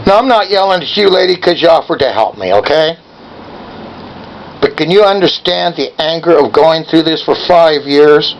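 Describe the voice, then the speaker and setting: A man's voice: a little high, animated, moderate pace, a little hiss or hum, poor audio. A man in his seventies calling an office and berating the person on the line, confrontational and badgering. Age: 70s. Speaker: caller. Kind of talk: angry phone call.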